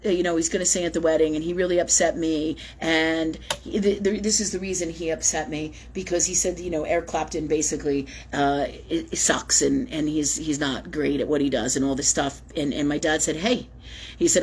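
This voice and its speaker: A woman's voice: deep voice, steady tone, a little fast, a little mellow, slight background noise. A woman hosting a live spiritual talk show, rambling and emphatic, swearing freely as she talks to her viewers. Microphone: webcam or phone on a live stream.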